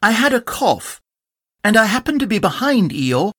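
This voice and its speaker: A man's voice: sits high, sing-song, normal speed, a bit bright, breathy edge, no echo, studio quality, pitched above the performer's own voice, heavily acted. A man playing Tigger, a bouncy tiger. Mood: defensive. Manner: cheerful, defensive. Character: bouncy, cheerful young male tiger. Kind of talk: storybook reading.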